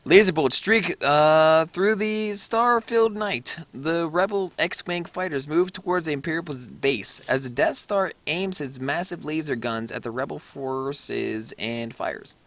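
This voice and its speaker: A man's voice: fairly high pitch, a bit bright. A man reading the stage directions aloud in a casual script read-through, stumbling over words now and then. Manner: reads haltingly, stumbles on words.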